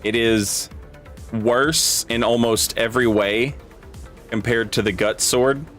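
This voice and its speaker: A man's voice: mid-range voice, steady tone, slow pace, a bit bright, soft background music. A man streaming a video game, rambling casually, joking and swearing freely. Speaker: gaming streamer. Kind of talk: casual gaming commentary.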